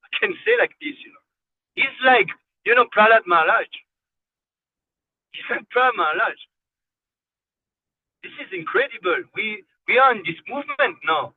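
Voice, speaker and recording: A man's voice: very high voice, big pitch swings, normal speed, gravelly, pauses often, breathy edge. A man giving a devotional class, fervent and exhorting, repeating phrases for emphasis. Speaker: spiritual class speaker. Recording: tinny phone-like line, dry.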